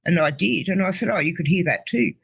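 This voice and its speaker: A middle-aged woman telling her personal testimony in an earnest, halting way as an interview guest. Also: lowish voice, animated, creaky, husky, low-quality recording.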